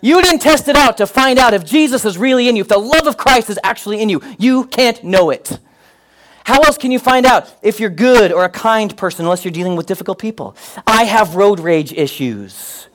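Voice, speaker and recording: A man preaching a sermon, mixing scripture with comic personal stories and getting loud and animated at times. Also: sits high, a little fast. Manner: animated, comic asides, rising to near-shouts. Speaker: pastor.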